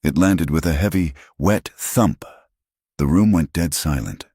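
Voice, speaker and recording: A man narrating a story in a measured, even audiobook style. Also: rumbling low, husky, no echo, clean studio sound.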